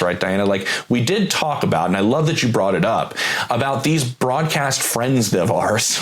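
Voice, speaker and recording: Low-voiced man co-hosting. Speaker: podcast co-host, NFL reporter. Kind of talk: casual chat.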